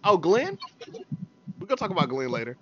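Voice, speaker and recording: A man's voice: sits high, huge pitch swings, brisk, a loud crowd. Man, podcast host, sarcastic, laughs a lot, basketball chat, somewhat dull audio.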